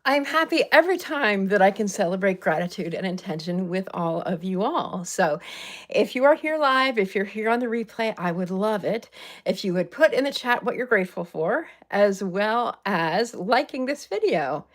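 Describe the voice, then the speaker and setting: A woman's voice: mid-range voice, animated, normal speed. An older woman from Southern California hosting a live-stream chat from her purple room at home, upbeat and chatty, greeting viewers by name. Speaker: livestream host.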